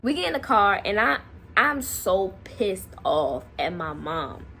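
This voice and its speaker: A young woman speaks straight to her camera in an easy, chatty way. Her pitch swings freely as she acts out each moment, and she laughs often along the way. A light background hum sits under her voice. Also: very animated, unhurried, gravelly, sharp tone. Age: young adult. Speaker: vlogger. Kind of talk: casual storytelling to camera.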